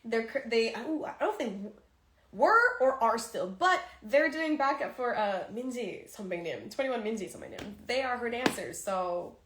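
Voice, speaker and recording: A woman hosts a casual livestream chat with her fans, speaking candidly into a phone while emotional and tearful, sighing often. Her fairly high voice is sing-song, brisk and fairly bright, with a roomy echo around it.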